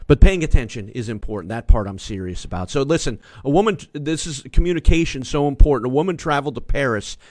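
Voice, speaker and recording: A man's voice: medium pitch, lively intonation, fast talker, few pauses, a little mellow, no room sound. Emphatic male pastor preaching from a studio. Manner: emphatic, repeats key phrases, calls on listeners. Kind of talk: sermon. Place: small studio.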